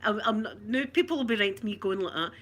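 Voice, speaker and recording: A woman's voice: mid-range voice, expressive, fast talker, fairly bright tone. A woman with a Glaswegian Scottish accent, hosting a casual, playful chat with her viewers and giggling often. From Scotland. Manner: chatty, giggly, broad and playful. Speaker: ASMR channel host chatting with viewers.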